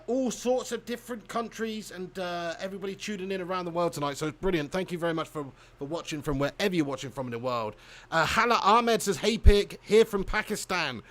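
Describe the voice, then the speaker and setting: A man's voice: fairly high pitch, a bit bright. An English man hosting a football watch-along live stream, chatty and jokey, reading out viewer comments. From England. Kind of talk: live-stream chat and shout-outs.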